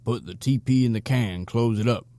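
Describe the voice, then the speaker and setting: A man voicing a gruff, folksy older homeless man with a raspy Southern accent. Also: mid-range voice, moderate pace, dark tone, pitched above the performer's own voice, lightly acted. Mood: gruff advice.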